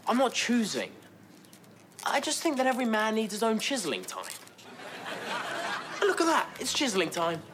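A woman voicing a young cartoon man, a sweet boyfriend who stammers nervously and gets excitable. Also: on the high side, moderate pace, pauses often, background noise. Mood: sheepish. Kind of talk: cartoon voice acting.

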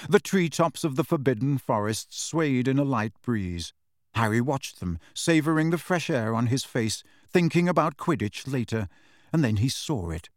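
With a mid-range voice, a man tells an audiobook story in a steady, measured way. The audio is studio quality, with no room sound at all.

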